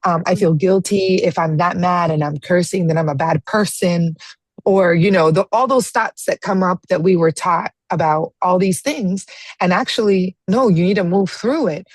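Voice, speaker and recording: A woman's voice: fairly low pitch, moderate pace, no echo. A woman with a child of her own, leading a spiritual discussion group over a video call in an earnest, reflective way, often restarting her phrases. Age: adult parent.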